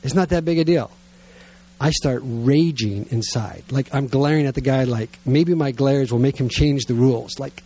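A middle-aged man preaching to a gathered congregation, telling a self-mocking family story in a lively way and then praying quietly and earnestly. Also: mid-range voice, normal speed, slightly rough. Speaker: pastor. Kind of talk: sermon storytelling and prayer. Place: church gathering with listeners present.

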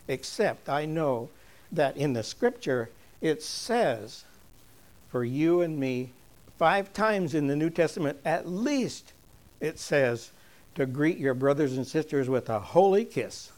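An older man giving a chatty, storytelling object lesson to a church congregation, chuckling often and going soft and slow when earnest. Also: a little high, lively intonation.

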